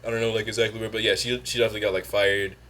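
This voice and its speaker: A man's voice: lowish voice, level tone, a bit bright. A man co-hosting a podcast in casual chat, swearing a lot and laughing often. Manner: profane, laughing, quick asides. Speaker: podcast co-host.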